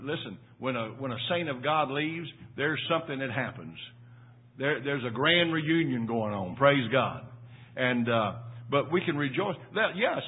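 This older pastor speaks in a husky voice of medium pitch, preaching with folksy stories and frequent repetition. The audio has a tinny, telephone quality.

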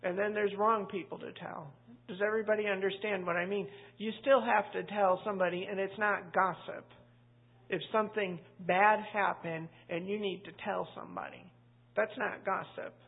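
A woman teaches the Bible to a church group in a conversational, emphatic voice. Her tone is gravelly and a little husky. The audio is tinny and lo-fi, like a phone line. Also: medium pitch, fairly even intonation, moderate pace. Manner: conversational, emphatic, quotes scripture. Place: church room with a live group.

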